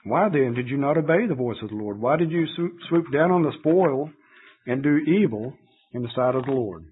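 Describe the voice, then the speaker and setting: A man's voice: mid-range voice, expressive, moderate pace, breathy edge. A man preaching a sermon, reading scripture verses aloud and explaining them in an earnest, conversational way with occasional fillers. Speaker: pastor. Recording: tinny phone-like radio broadcast.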